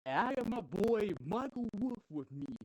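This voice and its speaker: Man putting on a high, brash rowdy wrestler. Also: big pitch swings, moderate pace, dry recording, low-quality recording. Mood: boastful. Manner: boastful, defiant shouting. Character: rowdy, brash male wrestler who smokes a bong and boasts.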